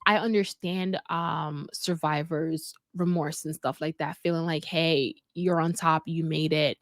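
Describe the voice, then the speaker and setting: A woman's voice: lowish voice, no room sound, clean studio sound. A woman hosting a casual commentary show, giving her opinions in a chatty way with lots of fillers. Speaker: host.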